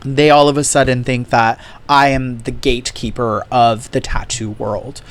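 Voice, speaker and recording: Guy hosting his own podcast, mid pitch, just talking straight and cussing a lot. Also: level tone, normal speed. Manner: candid storytelling, heavy swearing. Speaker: podcast host. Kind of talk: casual solo chat.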